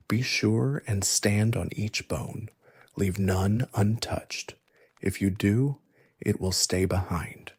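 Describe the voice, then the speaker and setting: A man voicing a clever young woman, a giant's daughter, who calmly instructs the hero, in soft ASMR storytelling. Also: on the low side, gravelly, husky, no echo, heavily acted.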